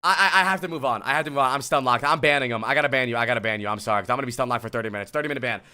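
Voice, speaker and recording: This streamer reviews a player's gameplay in a rapid-fire, medium-pitched voice that's bright, forceful and smooth. Blunt, exasperated and profane, he lectures his student while turning aside to address chat.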